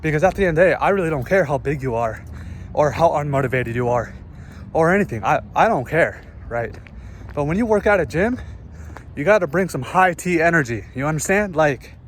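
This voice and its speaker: A man's voice: fairly high pitch, slight background noise. A man ranting casually to camera, out of breath after a workout, rambling and swearing, recorded through earbuds. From northern United States. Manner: rambling, profane, self-interrupting. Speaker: vlogger. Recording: voice picked up through earbud mic.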